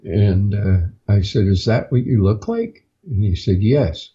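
A man, a podcast guest, telling his own story in a casual, halting way with frequent "uh" fillers. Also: fairly low pitch, expressive, mellow, highs cut off. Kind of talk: casual first-person storytelling.

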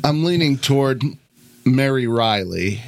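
A laid-back man co-hosting a movie podcast, dropping short, dry remarks. He speaks very slowly, in an ordinary middle pitch for a man. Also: animated, dry recording. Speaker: podcast co-host. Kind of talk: casual movie chat.

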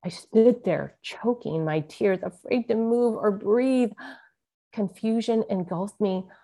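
This San Francisco guest author takes it slowly in a mid-range voice with a dark tone. She reads from her memoir and converses about it, giving her words earnest, vivid emotional emphasis.

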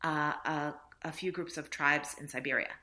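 Low-voiced, bright woman author. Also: fairly even intonation, normal speed. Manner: reflective, laughs often, acts out little dialogues. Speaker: author guest. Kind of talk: casual interview conversation.

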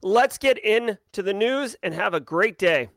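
A man hosting a live stream, casually chatting and giving energetic, playful shout-outs to viewers. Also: sits high, measured pace, vocal fry, dry recording. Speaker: livestream host.

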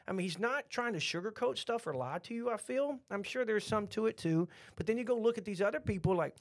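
A man's voice: sits high, lively intonation, brisk, hardly any pauses, no echo. A middle-aged man with a Texan accent, talking bluntly in a rambling, opinionated podcast chat full of restarts.

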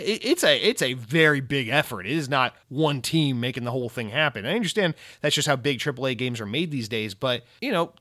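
A young man who rants about video games in a casual, rambling, profane and excitable way. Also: a little high, no room sound, clean studio sound. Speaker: gaming commentator. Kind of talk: casual rant.

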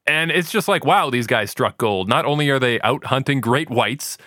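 A man's voice: mid-range voice, animated, moderate pace, sharp tone, no echo, clean studio sound. A man hosting a casual podcast, recapping an episode with jokey, self-mocking asides and casual swearing. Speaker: podcast host.

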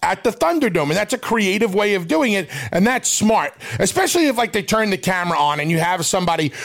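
A man's voice: high voice, big pitch swings, fast talker, creaky, fairly bright tone. A man co-hosting a casual talk show, brash and wisecracking as he reacts and asks questions. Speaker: co-host. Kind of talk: casual chat.

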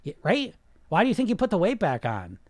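Male podcast coach, high animated voice, brash and profane, mocks listeners' excuses. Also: a little fast, no echo, clean studio sound. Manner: blunt, profane, fires rhetorical questions. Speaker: weight loss coach and podcast host. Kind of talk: casual podcast monologue.

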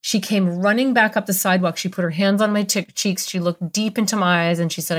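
A woman's voice: medium pitch, fairly even intonation, fairly quick, few pauses. A woman in her fifties, a guest expert on a podcast, telling a story from her career in an earnest, heartfelt way. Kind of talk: interview storytelling.

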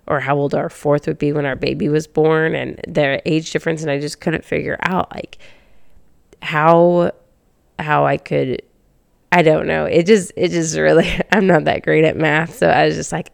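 A woman's voice: low voice, fairly even intonation, a little slow, gravelly, no echo, studio quality. A woman in her thirties hosting a faith podcast, chatting casually, laughing often and restarting her sentences. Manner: giggly, rambling with many restarts. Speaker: podcast host.

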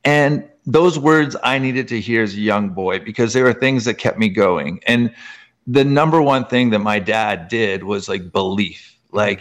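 A man from Canada with a fairly low voice tells personal stories as a guest author in an interview. He talks in an animated way, filling his sentences with "like" and letting his pitch leap upward as he gets going. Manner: animated, filler-heavy, frequent jumps up in pitch. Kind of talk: emotional personal storytelling in an interview.

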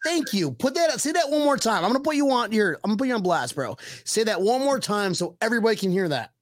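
An excitable man hosts a loose, casual chat, bragging and joking with his guests. His voice sits fairly high, recorded dry and close. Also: fast talker, dry recording. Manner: excitable, laughs often, boastful banter. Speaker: host. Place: Miami area.

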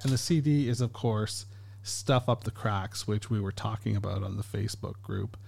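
A man's voice: fairly low pitch, normal speed, creaky, darkish tone, slight background noise. A middle-aged man hosting his own podcast in a casual, rambling way. He talks with lots of fillers and pokes fun at himself. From Canada. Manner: rambling, chatty, self-deprecating, many fillers. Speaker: podcast host. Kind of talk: casual solo podcast talk.

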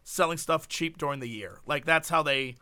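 A young man in casual comedic chat with a friend, animated and jokey, rambling with restarts. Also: fairly high pitch, normal speed, clear, resonant tone. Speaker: co-host.

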